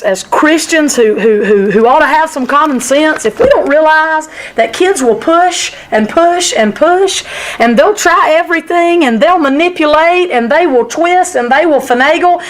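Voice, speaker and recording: At church, a former sixth-grade teacher, now an adult, teaches a women's Sunday school class with emphatic, repetitive delivery. Her voice is high and slightly bright, and the recording is poor.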